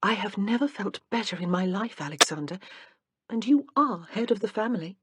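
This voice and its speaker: A woman's voice: mid-range voice, expressive, a little fast, background noise, pitched above the performer's own voice, close to an everyday voice. A woman voicing a playful, teasing young wife in an audiobook. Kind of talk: audiobook character reading.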